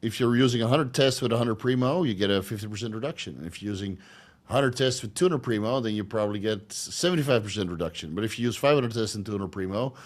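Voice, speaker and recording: A man hosting a casual livestream Q&A, rambling and crude, laughing often and filling pauses with ums and uhs. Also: lowish voice. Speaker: channel host answering live chat questions.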